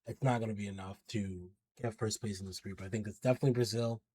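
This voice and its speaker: A football pundit vlogger with a lowish, warm, steady voice talks quickly through his predictions in a casual commentary. Chatty and slangy, he hypes up teams and hedges his picks along the way. Slight background noise is audible.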